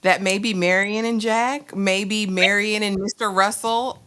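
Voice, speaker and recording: A woman's voice: mid-range voice, steady tone, measured pace, sharp tone, clear, resonant tone. A woman co-hosting a TV review show, recapping the plot in casual chat and asking viewers questions.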